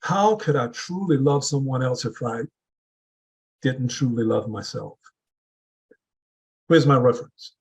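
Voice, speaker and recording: Man, husky mid-range voice, earnest motivational speaker stacking rhetorical questions. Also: mid-range voice, poor audio. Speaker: speaker at a public speaking club meeting. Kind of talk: prepared motivational speech.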